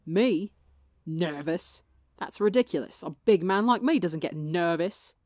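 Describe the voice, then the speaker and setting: A woman's voice: lowish voice, fairly quick, no echo, clean studio sound, natural voice. A woman reading as a brash, cocky teenage boy. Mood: defensive bluster. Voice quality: slightly gravelly. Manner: loud, snappy and defensive.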